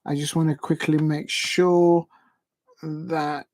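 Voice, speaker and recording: A man's voice: a little high, flat delivery, takes it slowly, a little mellow, no echo. A man hosting a live football watch-along stream, recapping the day's results in a chatty, rambling way and stumbling over player and club names.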